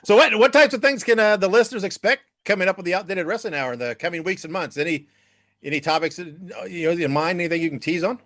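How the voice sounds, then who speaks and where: A man's voice: sits high, quick pace, a bit bright, no echo, studio quality. A man from the Midwest, from Indiana, appearing as a podcast guest, reminiscing conversationally with filler words. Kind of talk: casual podcast chat.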